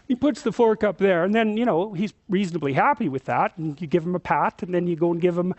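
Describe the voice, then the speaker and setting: A middle-aged man with a Canadian accent lectures with urgent, emphatic energy, pressing hard on key words. His voice sits high for a man. The sound is close and dry, with no room echo. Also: fast, highs cut off. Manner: animated, emphatic storyteller. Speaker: psychologist and lecturer. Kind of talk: lecture storytelling.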